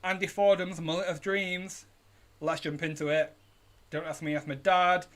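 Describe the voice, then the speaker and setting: A man's voice: on the high side, little pitch movement, normal speed, fairly bright tone. Upbeat British man hosting a quiz. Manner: upbeat, reads out questions and team names. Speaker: quiz host. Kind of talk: live online pub quiz hosting. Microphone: home streaming setup.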